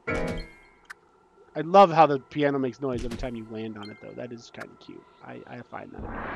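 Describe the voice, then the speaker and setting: A young man giving casual, excitable commentary while playing a game, breaking into panicky outbursts and joking about his own skill. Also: medium pitch, moderate pace, vocal fry, faint music behind. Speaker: gaming YouTuber.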